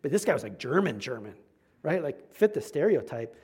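A man's voice: a little high, sing-song, fairly quick, a little mellow, husky. A male pastor preaching a sermon in a conversational, emphatic way, with self-deprecating asides.

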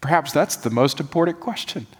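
A man's voice: a little high, brisk, husky. Man preaching in a reverberant church. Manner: animated, folksy preaching, drops soft for emphasis. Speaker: pastor. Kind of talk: sermon. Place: church sanctuary. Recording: long reverb of a church hall.

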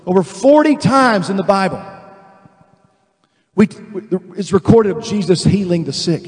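High-voiced preacher in a big hall. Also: male voice, animated, a little mellow. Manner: fervent preaching with call-and-response to the congregation; repeats words and restarts, drawn-out slow emphasis. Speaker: pastor. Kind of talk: sermon. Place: large church sanctuary. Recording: long reverb of a large hall.

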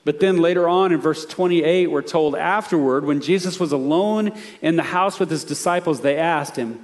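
A male pastor preaching a conversational sermon, dropping soft and low for his appeals. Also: normal speed.

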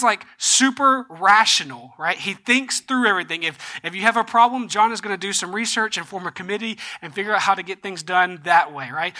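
High, bright-voiced male pastor preaching. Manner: conversational, checks in with "right?". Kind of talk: sermon.

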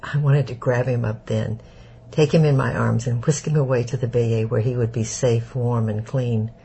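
A man narrating an audiobook in a steady, measured way. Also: medium pitch, gravelly, slight background noise, rough recording.

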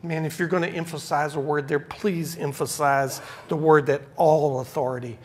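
Man preaching with loud and soft swings. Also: on the high side, steady tone, normal speed, breathy edge. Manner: swings from loud emphatic preaching to quiet asides. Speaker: pastor. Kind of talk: sermon.

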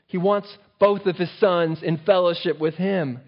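A man's voice: high-pitched, fairly even intonation, normal speed. A man preaching a sermon and often asking his listeners questions, recorded on a dull, lo-fi track. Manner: engaging, asks the listeners rhetorical questions. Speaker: pastor.

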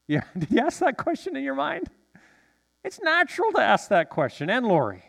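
A male pastor preaching a sermon in a church, animated and drawing responses from the congregation. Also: very high voice, moderate pace, creaky, in a large hall. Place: church sanctuary.

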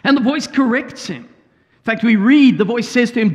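Guy pastor preaching, kinda high voice, tells the story w/ little asides. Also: animated, moderate pace, lo-fi sound. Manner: storytelling with paraphrased quotes and asides. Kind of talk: sermon. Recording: hall reverb.

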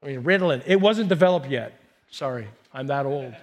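A middle-aged man preaching a personal, story-driven sermon, talking conversationally and moving between loud emphatic bursts and soft, hushed asides. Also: medium pitch, lively intonation, fairly quick. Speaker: pastor.

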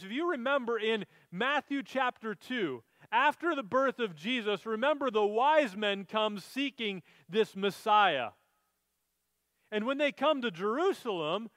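A man's voice: very high voice, a bit bright, no room sound. A man preaching a sermon, reading scripture aloud and explaining it in an earnest way. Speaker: pastor.

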